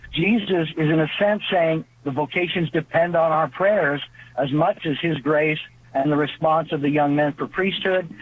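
A man's voice: on the high side, breathy edge. A man speaking as a seminarian co-host on a call-in religious radio show, filling his talk with "uh" and "you know", heard over the phone. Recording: tinny phone line.

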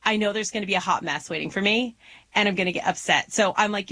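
A woman hosting a relaxed podcast conversation. She backs up her guest with warm agreement and turns to her women listeners with plain, emphatic stress. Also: medium pitch, fast. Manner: emphatic, affirming, speaks straight to women listeners. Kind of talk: casual podcast chat.

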